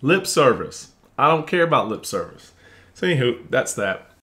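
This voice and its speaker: A man's voice: medium pitch, normal speed. Man venting in a casual monologue. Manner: animated, mimics others in quoted voices, swears; frustrated and blunt when venting. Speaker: vlogger.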